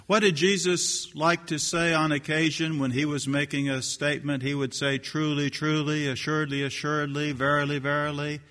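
Dramatic older man preaching in a hall. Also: medium pitch. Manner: dramatic swings between hushed and shouting. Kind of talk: sermon.

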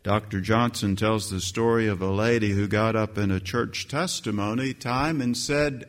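A man's voice: lively intonation, measured pace, few pauses. A man preaching a sermon as pastor, emphatic, with his voice leaping up on key phrases. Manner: emphatic preaching that leaps higher and louder on scripture quotes. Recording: long hall reverb.

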